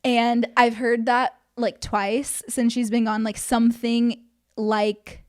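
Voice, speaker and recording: Young woman cohost, kinda high voice, rambly casual chat, lots of likes and ums. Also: flat delivery, slow, a little mellow. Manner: chatty, many "like" and "um" fillers. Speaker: podcast co-host.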